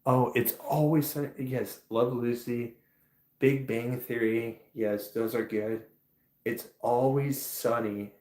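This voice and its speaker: A man hosting a casual livestream, answering chat in a rambling, soft-spoken way that trails off. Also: on the low side, reverberant, heavy background noise. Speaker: livestream host. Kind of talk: casual live-stream chat, reading chat questions.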